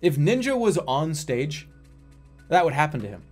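Male streamer in his thirties, lively rambling chat with swearing, fairly high voice, faint music behind. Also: moderate pace. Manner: rambling, animated, swears freely. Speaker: livestreamer. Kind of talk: casual chat.

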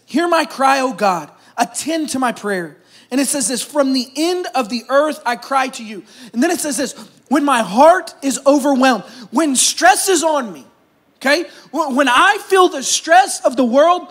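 A middle-aged man, a pastor preaching a sermon, animated at times and then dropping to soft, hushed stretches. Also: very high-pitched.

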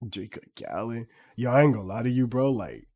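A young man streaming a mobile shooter, talking loose slangy trash talk in a hoarse, sick voice. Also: medium pitch, animated, a little fast, darkish tone. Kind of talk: casual gaming stream banter.

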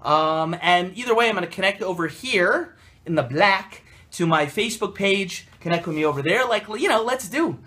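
A young man, a rabbi, delivers a short Torah talk from his desk in a notably high, bright voice. He is animated and emphatic throughout, leaning on Hebrew and Yiddish terms as he explains. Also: normal speed. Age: young adult. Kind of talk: energetic Torah talk to camera.

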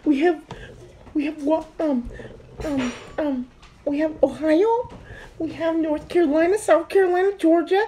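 Squeaky flustered falsetto. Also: male voice, unhurried, dark tone, slight background noise, low-quality recording. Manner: frantic listing with many fillers.

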